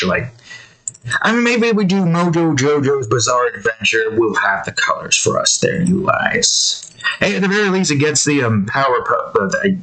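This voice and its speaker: A stream host chats to his audience as he draws, his talk rambling, chaotic, and constantly self-correcting. His medium-pitched voice sounds pushed and bright over poor audio.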